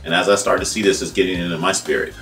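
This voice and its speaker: Male vlog host, 50s, from California: rambling heartfelt commentary, low voice, quick delivery, set back from the mic with faint music under it. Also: steady tone, gravelly, bright, forceful tone, recorded from a distance. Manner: conversational, repetitive, heartfelt, says "man" often. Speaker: independent journalist and vlog host.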